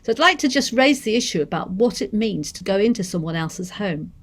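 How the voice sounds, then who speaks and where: A woman with a Manchester accent giving a seminar talk on deaf education, measured and thoughtful, pausing to rephrase. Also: mid-range voice, expressive. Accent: English, Manchester. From Manchester, England. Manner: measured, thoughtful, with restarts and hedges.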